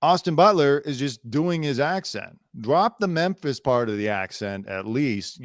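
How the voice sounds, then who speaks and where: A man hosting a comedy talk show, joking his way through celebrity news in a mocking tone and slipping into quick impressions. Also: mid-range voice, animated, no room sound, studio quality. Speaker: comedy podcast host.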